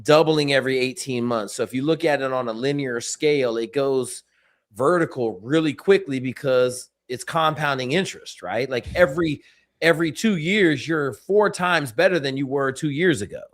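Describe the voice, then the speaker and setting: A man's voice: medium pitch, moderate pace. A man on a casual panel, eagerly explaining and cutting in. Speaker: panel guest.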